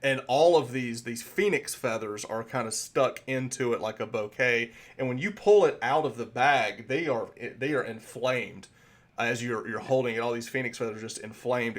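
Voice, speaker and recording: Brief: casual male game master describing scenes, loose and rambling, mid-pitched. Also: moderate pace, fairly bright tone. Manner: rambling, with many fillers and restarts. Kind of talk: narrating a tabletop game.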